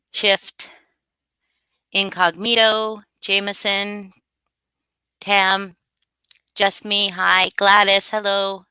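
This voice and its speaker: A woman's voice: fairly low pitch, pushed and bright, smooth, no echo. A woman hosting a casual livestream, greeting chat names and swearing freely. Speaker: livestream host.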